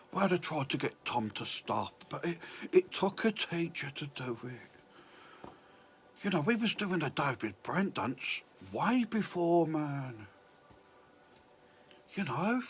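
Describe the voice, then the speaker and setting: A man's voice: a little high, a little hiss or hum. A man telling a rambling, self-mocking story about his childhood. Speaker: comedian. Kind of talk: confessional storytelling.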